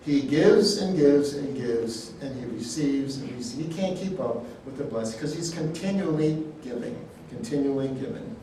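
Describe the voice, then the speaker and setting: A man teaching a sermon, telling personal stories in a folksy, animated way. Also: medium pitch, moderate pace, hardly any pauses, a little hiss or hum. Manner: storytelling, animated, folksy asides. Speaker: healing ministry teacher. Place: church hall. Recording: echoey hall, speaker far from the mic.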